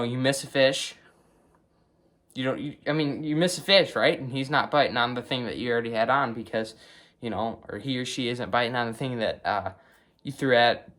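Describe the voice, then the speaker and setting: A young fishing vlogger with a Wisconsin accent casually shows off his gear in a vlog, filling gaps with lots of ums and okays. His voice is mid-range and fairly bright.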